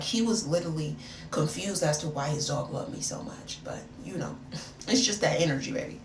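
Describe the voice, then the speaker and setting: A woman telling a personal story in a casual storytime style, animated and slangy, calling the listener "baby" and "girl". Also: lowish voice. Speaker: storyteller, video creator. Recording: roomy, distant mic, noisy background.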